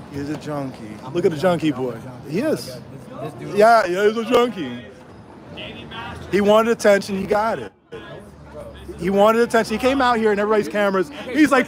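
Jeering high-voiced man amid a street crowd. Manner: taunting, mocking, repetitive jeers. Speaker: protester filming a street confrontation. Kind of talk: heckling on a livestream. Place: city street at night outside a restaurant.

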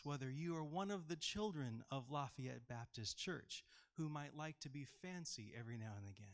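A man pastor giving a children's sermon in a church, playful and often asking the kids questions. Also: medium pitch.

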